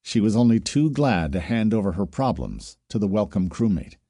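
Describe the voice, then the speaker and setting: Man with a dark, mellow reading voice. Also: fairly low pitch, very animated, normal speed, no echo, studio quality. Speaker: narrator. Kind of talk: audiobook narration.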